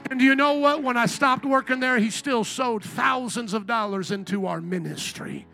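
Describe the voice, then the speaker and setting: A man with a high, sharp voice and a gravelly edge preaches to his church. He tells stories full of joking asides and pulls the crowd in with call-and-response. Faint music plays softly behind him. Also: moderate pace. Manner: shouts at peaks of praise. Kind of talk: sermon with storytelling. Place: church before a congregation.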